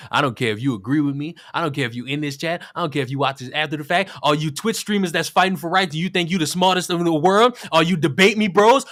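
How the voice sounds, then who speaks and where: Streamer on a profane rant, bright tone, pitch swinging widely, mocks with rhetorical questions. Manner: mimics people in silly voices. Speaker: livestreamer. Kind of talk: heated livestream commentary rant.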